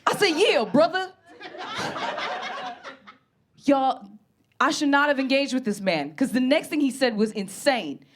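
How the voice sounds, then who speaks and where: A woman comedian telling stories in a brash, animated stand-up set. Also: sits high, moderate pace, background noise.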